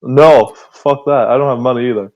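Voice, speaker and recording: Laughing, swearing young co-host. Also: male voice, medium pitch, steady tone, moderate pace, a little mellow, muffled recording. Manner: laughs often, swears casually, unsure. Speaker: new podcast co-host. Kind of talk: casual chat.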